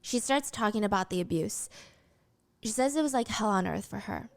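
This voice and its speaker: A woman narrates a true-crime story in a scripted, earnest way. She keeps the retelling brisk and steady, with a voice of ordinary pitch. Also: gravelly.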